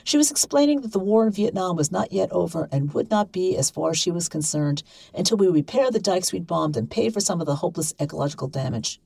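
Low, gravelly woman reading a story. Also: animated, quick pace, hardly any pauses, warm tone, dry recording, low-quality recording. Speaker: reader. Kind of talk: reading a short story aloud.

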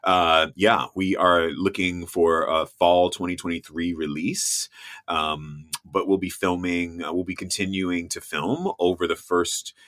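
A man as a podcast guest in casual interview chat, telling animated travel stories and laughing often. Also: deep voice, a little slow. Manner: animated storyteller, laughs often, mimics voices in quotes.

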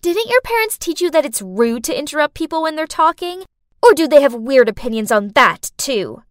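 A woman's voice: sits high, sing-song, moderate pace, no echo, clean studio sound, voice pushed up. A woman voicing a mean teenage girl, a smug school bully who talks in a mocking, sneering way.

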